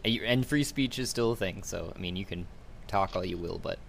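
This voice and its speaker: A man running a tabletop game as game master, describing scenes in a halting way with many restarts. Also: deep voice, vocal fry, a little hiss or hum.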